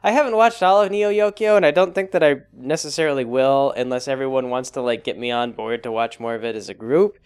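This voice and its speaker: A man's voice: mid-range voice, fairly quick, few pauses, smooth. A young man chatting casually as a blog host, rambling and hesitant, with many fillers and restarts. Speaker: blog host reviewing a show. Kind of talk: casual chat.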